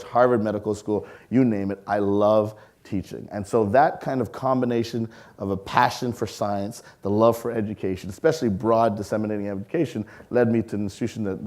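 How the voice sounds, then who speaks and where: A man in his forties giving a public science lecture, telling lively personal stories and asking the audience questions. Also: on the low side. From Canada. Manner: lively storyteller, acts out voices, engages audience with questions. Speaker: science museum leader giving a public talk.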